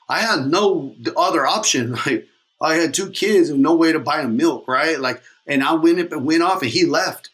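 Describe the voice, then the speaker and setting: Energetic man telling his story. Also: on the high side, moderate pace. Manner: energetic, rambling, slangy. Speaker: podcast guest, coach. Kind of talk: casual storytelling.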